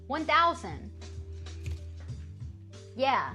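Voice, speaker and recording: A woman's voice: high voice, lively intonation, slow, a bit bright, faint music behind. An American woman streamer chatting casually with her viewers, playfully trying out clumsy French phrases. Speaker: livestreamer.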